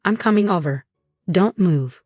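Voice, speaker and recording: A loyal young woman who speaks bluntly and directly to her best friend, as a woman narrator puts her on. The voice sits a little low and sounds dry and close-miked. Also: expressive, a little slow, a little mellow, dry recording. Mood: urgent. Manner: brash and direct.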